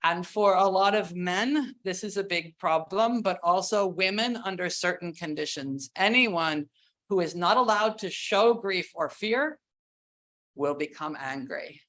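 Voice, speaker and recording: A woman giving a keynote talk on religious education, earnest and deliberate, stretching words for emphasis. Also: on the low side, a bit bright. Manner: earnest, slow, with drawn-out emphasis; sings and acts out cries while teaching. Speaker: keynote speaker.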